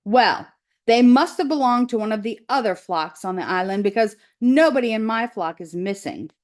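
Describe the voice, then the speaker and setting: A woman's voice: on the high side, lively intonation, normal speed, natural voice. Teacher doing a cranky old mother goose, bossy and suspicious, rattles off advice, storybook read-aloud. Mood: scolding.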